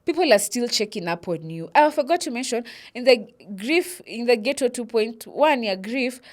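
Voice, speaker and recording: A woman's voice: on the high side, moderate pace. A young Kenyan woman with a Kenyan accent, telling a personal story and switching between English and Swahili. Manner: animated, mixes English with Swahili, acts out quotes. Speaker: vlogger.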